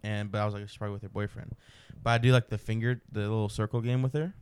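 Smooth-voiced man hosting a podcast. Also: lowish voice, racing. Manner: animated storyteller, acts out quoted lines. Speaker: podcast host. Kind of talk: casual podcast storytelling. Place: home room.

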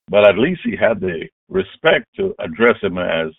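A man preaching a sermon, retelling a scripture story with emphatic, dramatic delivery and loud exclamations. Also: deep voice, very animated, moderate pace, hardly any pauses, breathy edge, no echo. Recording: tinny phone-like dry sound.

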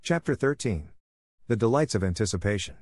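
A man giving measured storybook narration for English learners. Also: lowish voice, animated, darkish tone, dry recording, studio quality.

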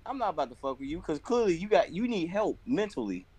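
A young man chatting casually with friends, animated and swearing, with lots of filler words. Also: high voice, fast talker. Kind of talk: casual chat among friends.

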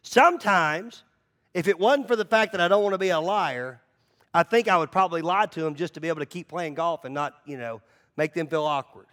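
A man's voice: a little high, a little fast. A man preaching a conversational sermon as the pastor, telling stories animatedly and often repeating words as he goes. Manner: animated storytelling, repeats words, acts out voices.

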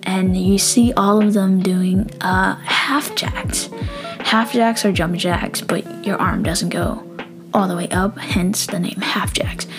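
A young adult woman telling a story casually, animated and profane, acting out dialogue and sometimes dropping into a whisper. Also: medium pitch, slow pace, over music. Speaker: vlogger.

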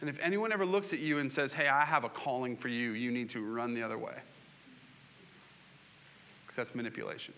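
A man's voice: mid-range voice, fairly even intonation, a little fast, long pauses, bright, forceful tone. A man preaching a sermon, asking the congregation questions and acting out scripture scenes. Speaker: pastor.

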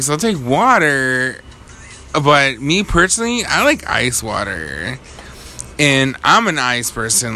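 A young man co-hosting a casual chat, lively and animated, swearing as he acts out little scenes. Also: medium pitch, vocal fry, slight background noise. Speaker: podcast co-host.

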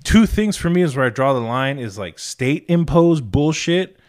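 A man hosts a casual podcast, talking bluntly and swearing freely. His voice sits at an ordinary middle pitch but leaps up and down with lively energy. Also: normal speed. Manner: profane, blunt and animated. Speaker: podcast host.

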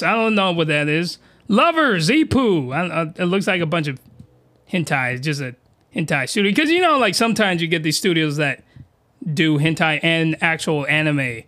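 A man hosting a solo podcast, ranting in slangy, excitable bursts and shouting when he gets worked up, close to his desk microphone. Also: on the high side. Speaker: podcast host reviewing anime. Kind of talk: animated solo podcast rant.

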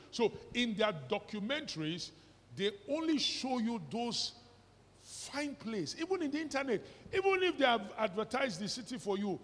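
A middle-aged man with a Nigerian accent, a pastor, preaches a sermon in a high-sitting voice, mixing pidgin and English and asking the congregation rhetorical questions. Recorded in a reverberant church hall, the audio has a little hiss or hum.

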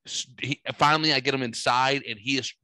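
A man's voice: mid-range voice, brisk, clean tone, no echo, poor audio. A man in his forties telling a long story in casual chat, rambling and full of swearing. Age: 40s. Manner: profane, rambling, animated storyteller.

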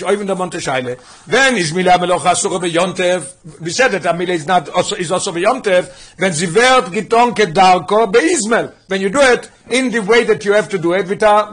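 A husky man teaching a Torah lesson at a quick clip. His voice sits fairly high for a man. He mixes English with Hebrew and Yiddish terms and keeps firing questions at his listeners. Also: a bit bright. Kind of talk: Talmudic lesson explaining Midrash.

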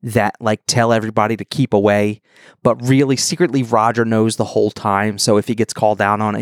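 A man co-hosts a podcast with a low voice. He jokes and rambles in easy chat. The sound is dry and close. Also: little pitch movement, a little fast, no echo. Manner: joking, rambling. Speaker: podcast co-host. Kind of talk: casual chat.

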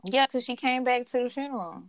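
A woman's voice: on the high side, fairly quick, no room sound. A woman co-hosting a casual TV recap chat, reacting expressively and agreeing often. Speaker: podcast co-host.

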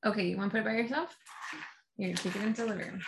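A woman's voice: medium pitch, racing, background noise. A woman, a podcast producer and business coach, chatting easily and playfully, then reading a podcast intro. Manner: easygoing, playful.

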